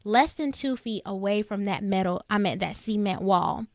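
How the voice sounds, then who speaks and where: An earnest young adult woman tells her own story as a motivational speaker, bringing her faith into it. Her voice sits at an ordinary pitch for a woman. It is recorded close and dry, with almost no room sound. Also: normal speed, a little mellow, dry recording. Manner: earnest, emotional retelling with faith references. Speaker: speaker for women in business. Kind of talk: personal testimony, motivational storytelling.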